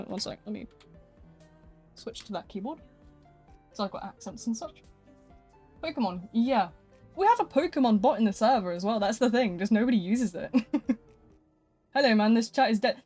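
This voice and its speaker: A woman's voice: fairly high pitch, a little mellow, breathy edge. A woman streaming live, chatting casually and rambling with frequent laughter.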